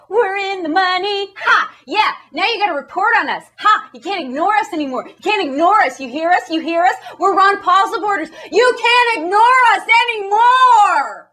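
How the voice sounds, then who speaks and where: A woman voicing excited political supporters who shout and gloat. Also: very high-pitched, moderate pace, pitched above the performer's own voice, full character voice.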